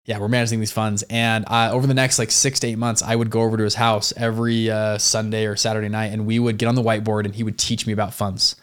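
A young adult man, an entrepreneur guest in an interview, telling stories in a slangy, animated way with many fillers. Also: on the low side, quick pace, few pauses, clear, resonant tone. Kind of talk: casual interview storytelling.

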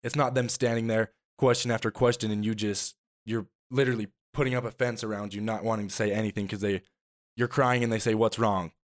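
Earnest teenage guy, low voice. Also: fairly even intonation, fast. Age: teens. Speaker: guest. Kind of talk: casual podcast chat.

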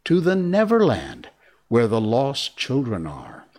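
A man voicing a motherly young girl telling a bedtime story to a group of boys, with a gentle, patient tone. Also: medium pitch, huge pitch swings, slow, pitched above the performer's own voice, exaggerated voice. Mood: storytelling.

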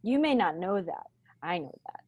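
A woman guest on a podcast, calmly teaching in a slow, deliberate and grounded way. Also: lowish voice, husky, no room sound, narrow, tinny audio. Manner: calm, deliberate, speaks slowly and groundedly. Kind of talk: conversational teaching.

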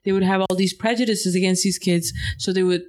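Woman, podcast host, casual chat, relaxed, filler-heavy speech. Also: mid-range voice, fairly quick, a little hiss or hum. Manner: relaxed, chatty, full of fillers like "like".

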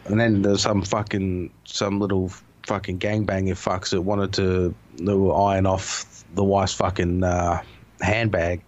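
A man's voice: deep voice, flat delivery, a little slow, dull audio. A man in casual chat, a rambling, profane storyteller who laughs often. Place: home.

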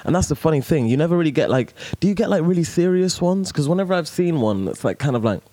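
A young man co-hosting a podcast, telling stories in an animated way and laughing as he talks. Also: a little high, quick pace, dry recording. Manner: animated storyteller, laughs while talking. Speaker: podcast co-host. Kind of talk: casual chat.

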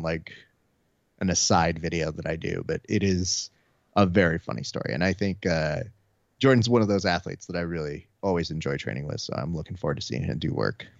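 A man's voice: low voice, creaky, no echo, muffled recording. A man co-hosting a podcast, telling loose, profane stories and acting out the voices of people he quotes. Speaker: podcast co-host. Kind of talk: casual chat.

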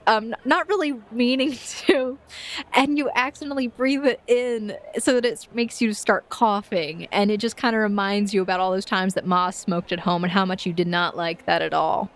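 A woman's voice: mid-range voice, steady tone, moderate pace. Brief: woman game master, playful, descriptive scene narration.

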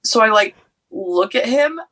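A woman in her thirties telling a story in casual chat as a podcast guest, outspoken and animated, laughing and jumping high when she quotes people. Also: a little slow, crowd noise, rough recording. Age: 30s. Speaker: podcast guest, football fan.

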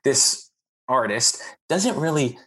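A man's voice: medium pitch, takes it slowly. Man telling a rambling comic story. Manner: animated, rambling anecdote with lively asides. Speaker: podcast guest. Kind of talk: casual comedic storytelling.

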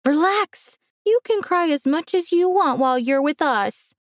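A woman's voice: mid-range voice, normal speed, lightly acted. A woman voicing a greedy, threatening middle-aged aunt in a storybook reading. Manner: threatening, cackling.

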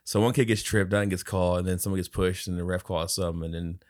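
A man co-hosting a podcast in casual chat, an animated storyteller who swears a lot. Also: low voice, fast talker, no room sound, studio quality. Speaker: podcast co-host. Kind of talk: casual movie review chat.

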